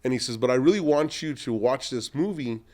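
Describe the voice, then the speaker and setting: A middle-aged man, an entrepreneur, telling long animated anecdotes in a podcast interview and acting out what other people said. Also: medium pitch, brisk. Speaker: entrepreneur guest.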